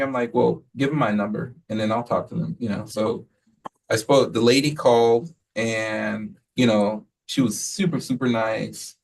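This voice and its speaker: A man who leads a school, giving a relaxed, rambling report to the board, full of fillers and quoted asides. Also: medium pitch, gravelly, far from the mic, poor audio. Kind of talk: casual spoken report at a meeting.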